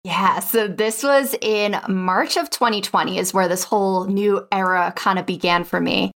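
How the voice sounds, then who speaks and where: A woman's voice: mid-range voice, moderate pace, a bit bright. A young adult woman, a podcast guest, telling her story in a casual interview and acting out her own past dialogue.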